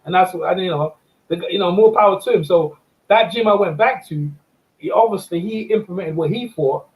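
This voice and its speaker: A man hosting a casual chat, telling animated stories, laughing often and repeating words. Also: sits high, brisk, low-quality recording. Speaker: host and amateur boxing judge.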